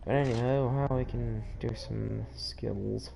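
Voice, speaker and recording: A man's voice: mid-range voice, fairly even intonation, slow pace, vocal fry, noisy background. An American man hosting a gaming channel, chatting casually and rambling as he plays. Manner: rambling, chatty, self-interrupting. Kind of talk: casual let's-play commentary. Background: game music.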